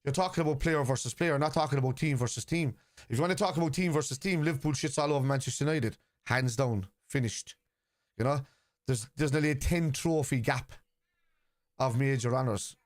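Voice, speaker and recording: A man's voice: medium pitch, fairly quick. Combative Irish man arguing with his chat. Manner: combative, argues point by point with viewers. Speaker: football fan streamer. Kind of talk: live watchalong stream, answering chat.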